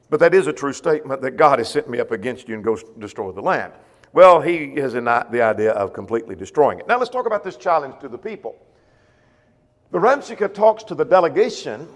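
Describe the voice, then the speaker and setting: A man leading a church Bible class, reading scripture and then explaining it in plain terms. His voice sits somewhat high, and his talk is full of ums and uhs. The sound carries a long, echoey church-hall reverb. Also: very animated, normal speed, fairly bright tone. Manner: reads scripture aloud and explains it, with frequent fillers.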